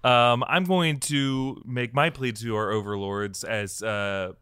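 A man answering as a comedy panelist, laid-back and quick to chuckle. His voice is clear and dry, and he talks slowly. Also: mid-range voice, steady tone, pushed and bright, dry recording. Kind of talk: comic improv answers.

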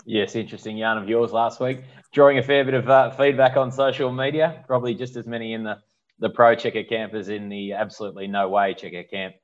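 A man's voice: on the low side, steady tone, brisk, dull audio. A man hosting a sports talk show, putting conversational questions to his panelists by name. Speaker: host.

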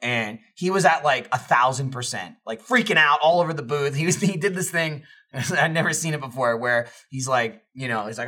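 A young man co-hosting a casual podcast, telling an animated story full of fillers and swearing. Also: mid-range voice, moderate pace. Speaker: podcast co-host.

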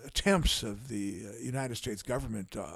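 An older man, a guest on a podcast, telling a long story in an unhurried way with many pauses and some dry humor. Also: mid-range voice, vocal fry, fairly bright tone, slightly rough, no echo. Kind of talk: casual storytelling in a podcast conversation.

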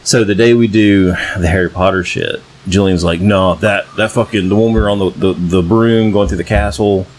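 A man co-hosting a podcast, chatting casually and profanely with animated retellings. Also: moderate pace, few pauses. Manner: animated, profane, jumps into high-pitched impressions. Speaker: podcast co-host. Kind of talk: casual chat.

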